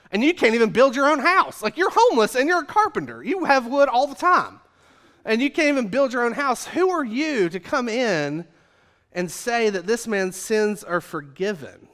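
A man's voice: very high voice, fairly bright tone, voice pushed up, full character voice. A man voicing scornful Pharisees who mock and insult Jesus in a sneering rant. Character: scornful grumbling Pharisees mocking Jesus, men.

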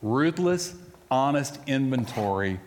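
Conversational preacher in a reverberant church hall. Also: male voice, mid-range voice, lively intonation, slow, a little hiss or hum. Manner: storytelling, conversational, swings between loud and hushed. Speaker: pastor. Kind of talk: sermon.

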